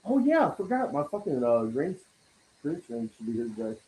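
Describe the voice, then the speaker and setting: A man's voice: on the high side, a little fast, slight background noise, rough recording. A man hosting a casual talk stream, swearing often and laughing as he tells stories. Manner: profane, laughs often, animated storytelling. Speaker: podcast host. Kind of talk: casual chat.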